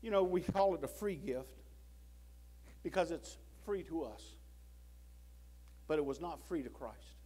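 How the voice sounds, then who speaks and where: A man preaching a sermon in a church, swinging from loud pleading to hushed low tones and acting out prayers and God's words. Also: lively intonation, unhurried, pauses often, breathy edge. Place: church sanctuary.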